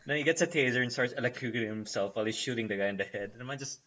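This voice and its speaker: A man's voice: medium pitch, fast, dull audio. A young man co-hosting a podcast, casually telling a story with lots of laughter. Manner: animated storytelling with laughter and quoted voices. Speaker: podcast co-host. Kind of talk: casual chat.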